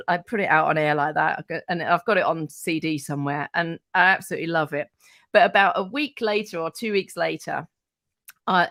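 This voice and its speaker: A middle-aged woman, a radio presenter telling casual anecdotes as a podcast guest, animated and freely swearing. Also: low voice. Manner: animated, acts out quoted voices, swears freely.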